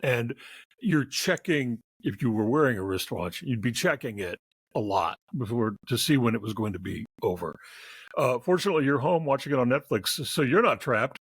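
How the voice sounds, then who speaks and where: A man co-hosting a casual movie review chat, animated and laughing as he acts out scenes. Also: mid-range voice, moderate pace, husky, no room sound. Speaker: film critic co-host.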